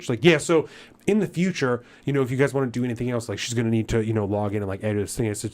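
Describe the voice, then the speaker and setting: A man's voice: medium pitch, very fast. A man on a podcast recounting an annoying store visit, his voice sitting in an ordinary middle register. He plays both himself and the clerk as he tells it, swearing freely. The story grows into an irritated rant. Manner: animated retelling that grows into irritated ranting. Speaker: podcast co-host. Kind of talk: casual storytelling chat.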